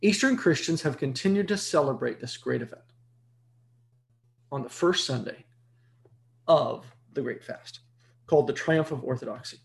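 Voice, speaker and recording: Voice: moderate pace, vocal fry, long pauses. A Bible teacher giving an evening lecture, emphatic and full of rhetorical questions, repeating key words for stress. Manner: jumps to a high excited pitch when stressing a point.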